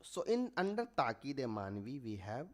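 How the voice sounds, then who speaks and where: A man teaching Arabic grammar in English in an online lecture, explaining slowly and repeating terms to drive them home. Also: medium pitch, very animated. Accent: South Asian English.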